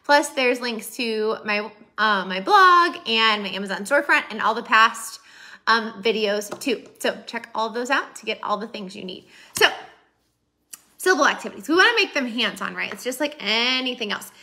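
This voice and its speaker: A woman's voice: fairly high pitch, animated, normal speed, sharp tone. A woman hosting a casual teaching video for preschool teachers, chatty and upbeat with many fillers.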